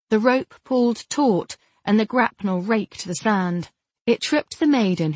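Steady woman narrating a fantasy novel. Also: mid-range voice, no echo. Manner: steady, even storytelling. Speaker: audiobook narrator.

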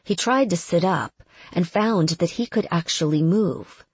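A woman narrating a fantasy audiobook in a measured, steady manner. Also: fairly low pitch, breathy edge. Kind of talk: scripted narration.

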